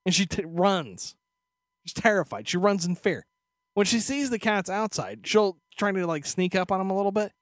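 A man telling stories on a podcast, his pitch swooping up and down as he gets into it. He swears freely and keeps dropping into little voiced asides, and the recording is dry and close. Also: normal speed, dry recording. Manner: profane, animated storytelling with voiced asides. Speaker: podcast co-host. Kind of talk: casual chat.

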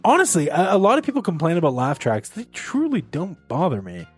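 Animated man in loose banter. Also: a little high, brisk, slightly rough, soft background music. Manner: animated, imitates laughs. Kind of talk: casual chat.

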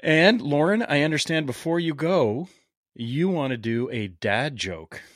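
A man's voice: fairly high pitch, lively intonation, measured pace, fairly bright tone, no echo, studio quality. A man hosting a medical podcast, talking in an upbeat, jokey way. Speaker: podcast host. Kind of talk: casual podcast chat.

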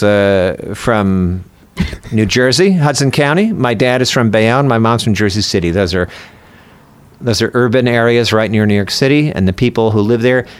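A man speaking as a guest in a casual conversation, with a precise, measured way of talking and thoughtful, rambling sidebars. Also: mid-range voice, smooth. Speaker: guest, voice actor.

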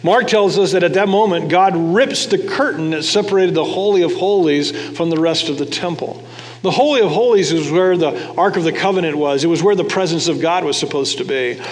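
A man preaching a sermon with a fairly high voice. He talks to the congregation in a conversational way, tossing them questions, and his words ring with the long reverb of a large hall. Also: fairly quick. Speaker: pastor.

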